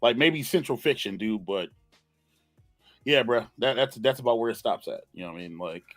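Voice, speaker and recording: A man's voice: medium pitch, expressive, moderate pace, dry recording, faint music behind. Slangy joking man on a podcast. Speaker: podcast co-host. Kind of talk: casual gaming podcast chat.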